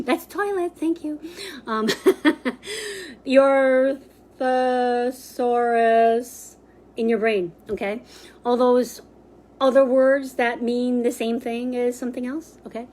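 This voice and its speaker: A woman leading a sign language lesson over a live stream, talking at an unhurried pace. Her voice sits a little high, and she keeps things chatty with fillers and bursts of laughter. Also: a little mellow. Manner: chatty, laughs often, many fillers and restarts. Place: library.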